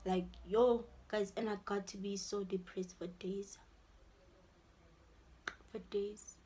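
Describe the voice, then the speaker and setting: A young South African woman with a South African accent tells a casual, animated story in her vlog, mixing in Setswana phrases. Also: mid-range voice, slow, slight background noise. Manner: animated, slips into Setswana for quoted lines. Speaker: vlogger. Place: her room at home.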